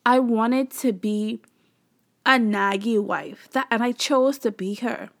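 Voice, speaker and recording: Gravelly-voiced woman in candid faith talk. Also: a little high, takes it slowly. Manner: chatty, addresses listeners as "y'all". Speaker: podcast host.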